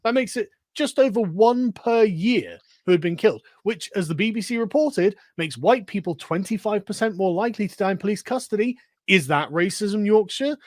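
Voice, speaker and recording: A man's voice: high-pitched, expressive, brisk, few pauses, a little mellow, no echo, studio quality. A man in a played clip, delivering sarcastic online commentary full of rhetorical questions.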